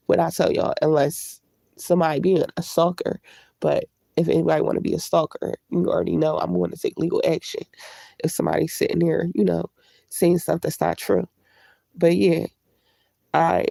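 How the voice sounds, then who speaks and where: A woman's voice: lowish voice, warm tone, no echo. A woman vlogger chatting candidly on a livestream, congested from a cold. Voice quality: gravelly. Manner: candid, chatty, greets live viewers. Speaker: YouTube vlogger. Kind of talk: casual live-stream chat.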